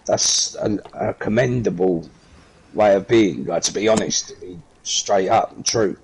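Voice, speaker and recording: A man's voice: lowish voice, unhurried, a little mellow, slightly rough, rough recording. A man guest in a casual podcast chat, speaking earnestly and plainly.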